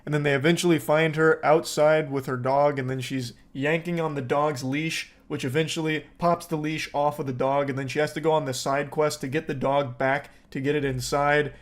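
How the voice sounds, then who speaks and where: A man's voice: fairly high pitch, steady tone, normal speed, hardly any pauses. A man giving sarcastic, joking reaction commentary, swearing now and then.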